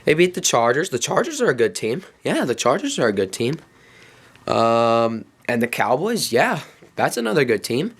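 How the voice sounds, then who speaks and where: A man's voice: mid-range voice, sing-song, normal speed, breathy edge. A man hosting his own sports talk show, giving an emphatic, exasperated fan's rant and thinking aloud. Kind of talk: ranting fan commentary.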